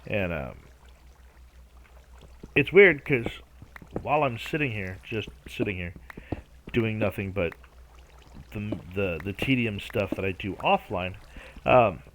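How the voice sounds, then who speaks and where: Animated but taking it slowly with long pauses, this Minecraft let's-play host has a fairly low, fairly bright voice, with a little hiss or hum on the recording. He rambles and hesitates, talking to himself and often stalling to hum or scat nonsense syllables.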